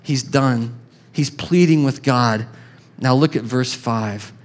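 A man preaching a sermon in a conversational, animated way, acting out little voices as he tells the story. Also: mid-range voice, slow pace. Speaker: pastor.

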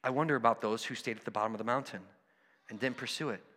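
A man preaching a sermon, conversational and animated, acting out the voices of people in his stories. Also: mid-range voice, fast talker, in a large hall. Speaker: pastor.

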